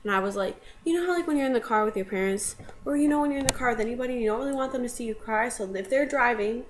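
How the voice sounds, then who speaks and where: A woman's voice: on the high side, very fast, a little hiss or hum. A young woman casually telling a personal story to camera, rambling with many fillers. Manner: rambling, filler-heavy, with tearful laughing bursts in quotes.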